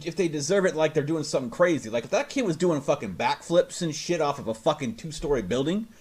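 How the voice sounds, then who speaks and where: A man's voice: on the high side, fast talker, slightly rough. A man co-hosting a radio talk show, talking in a loose, profane, mocking way and often mimicking people. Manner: animated, mocking, mimics people in silly voices. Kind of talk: casual profane chat.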